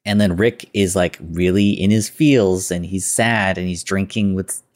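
A man's voice: sits low, fairly even intonation, unhurried, darkish tone. A man hosting a podcast, loosely retelling a classic film with lots of filler words and quoted lines. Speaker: podcast host. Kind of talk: casual film recap.

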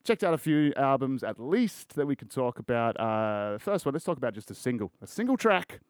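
A man's voice: medium pitch, very animated, normal speed, dry recording, studio quality. An Australian man hosting a solo podcast, rambling in casual chat with lots of swearing and crude jokes. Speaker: podcast host.

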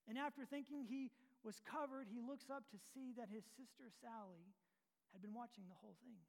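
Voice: medium pitch, brisk, gravelly. Preacher in an echoing sanctuary. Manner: storytelling, dropping to hushed tones. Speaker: pastor. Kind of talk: sermon. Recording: long reverb of a large room.

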